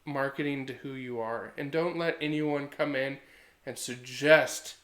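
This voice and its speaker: A man's voice: mid-range voice, a little slow, echoey room. A man in his thirties co-hosting a podcast, telling stories earnestly and acting out quotes in a casual chat. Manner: earnest, animated storytelling with acted quotes. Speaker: podcast co-host.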